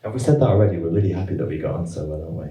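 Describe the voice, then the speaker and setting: A man's voice: sits low, expressive, very fast, mellow. A man giving a rhythmic, performed poetry reading at a live event in a venue. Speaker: poet reading his work. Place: LGBTQ+ venue, indoors. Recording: roomy venue sound, mic far off.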